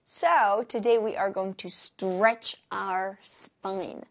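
A Korean native-speaker woman giving a bilingual English lesson and workout instructions, lively and acting out dialogue lines. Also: medium pitch. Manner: lively, switching quickly between explaining and acting out dialogue lines.

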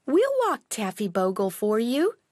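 A woman's voice: big pitch swings, unhurried, darkish tone, dry recording, studio quality. A woman doing two pleading little girls. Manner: high, pleading, urgent cries. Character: two small girls, eager and anxious.

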